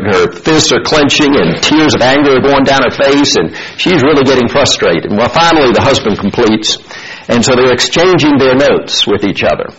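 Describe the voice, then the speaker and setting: A man's voice: mid-range voice, a bit bright, muffled recording. Man preaching, folksy storytelling. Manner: folksy storytelling with fillers and repeats. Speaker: pastor. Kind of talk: scripture reading then sermon.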